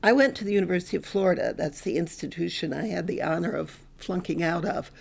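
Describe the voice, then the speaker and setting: A woman's voice: on the low side, quick pace, vocal fry, slightly rough. An older woman, a professor, telling her own story candidly and with animation as a podcast interview guest.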